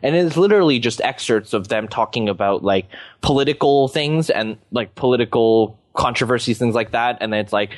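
A man's voice: medium pitch, animated, brisk, no echo. A young man from Canada chatting casually as a podcast host, rambling with plenty of fillers like "like" and "you know". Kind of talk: casual chat.

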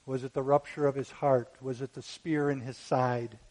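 A man preaching a sermon who rises to loud, fervent peaks when quoting scripture and fires off rhetorical questions. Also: mid-range voice, flat delivery, rough recording. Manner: asks rapid rhetorical questions.

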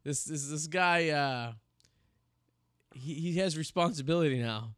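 A man's voice: a little high, measured pace, fairly bright tone, dry recording. Rambling man telling stories in a dry studio. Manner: rambling storyteller, many restarts and fillers. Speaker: podcast host. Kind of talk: casual chat. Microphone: studio mic.

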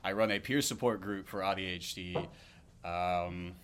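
Steady low-voiced man introducing himself. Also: moderate pace, clean tone. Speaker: ADHD coach. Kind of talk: self-introduction in casual chat.

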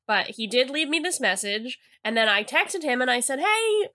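A woman in her thirties co-hosting a podcast, telling stories in casual chat with giggly, animated delivery. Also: a little high, normal speed. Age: 30s. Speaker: podcast co-host.

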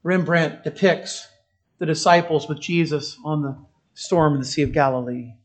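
A man preaching a sermon with passion, swinging from loud declarations to quiet, wry storytelling. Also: on the high side, normal speed. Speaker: pastor.

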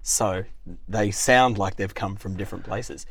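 A man's voice: fairly low pitch, unhurried, gravelly, husky, no echo. A man, co-hosting a casual chat show and telling playful stories. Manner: lively, playful storyteller. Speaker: co-host.

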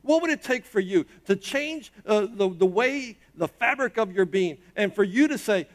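A middle-aged man preaching a sermon, emphatic, swinging from loud rises to quiet drops. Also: animated, normal speed. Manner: emphatic preaching, rising and dropping in pitch and loudness. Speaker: pastor.

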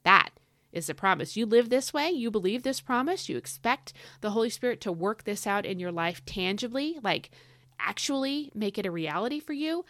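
A woman's voice: medium pitch, expressive, normal speed, fairly bright tone, no room sound. A young woman teaching scripture on her podcast, enthusiastic and getting fired up like a preacher. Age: young adult. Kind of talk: devotional teaching.

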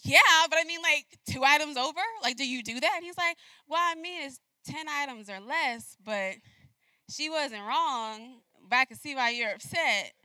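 A young adult woman giving a message, telling a personal story in an animated way and acting out the dialogue. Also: sits high, fairly quick, few pauses, no room sound. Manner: animated, acts out dialogue with laughs. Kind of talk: storytelling sermon.

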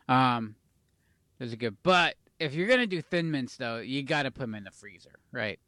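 A man's voice: medium pitch, animated, normal speed, pushed and bright, dry recording, clean studio sound. A young adult man co-hosting a casual chat show, rambling, swearing casually and losing his train of thought. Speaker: podcast co-host.

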